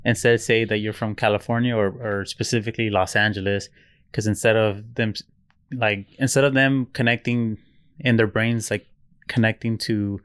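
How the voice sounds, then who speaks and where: A young man from the States talks easily on a podcast, dropping casual swears into his stories. His voice comes across smooth and clear. The recording is close and dry. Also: fairly low pitch, little pitch movement, fairly quick, fairly bright tone, no room sound. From United States. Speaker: podcast co-host. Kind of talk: casual chat.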